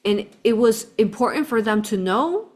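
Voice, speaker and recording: A woman's voice: fairly high pitch, expressive, moderate pace, a little mellow. A woman vlogger telling a travel story to her viewers in a rambling, fervent way, often calling them "you all". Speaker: spiritual vlogger. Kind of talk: casual direct-to-camera storytelling.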